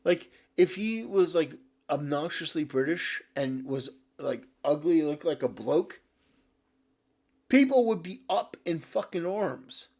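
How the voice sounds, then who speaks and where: A male commentator with a slightly higher voice rants in a sarcastic, exasperated tone. He swears often and keeps restarting his sentences as he builds his argument. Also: expressive, takes it slowly, a little mellow, breathy edge. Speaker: video commentator. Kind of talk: ranting commentary.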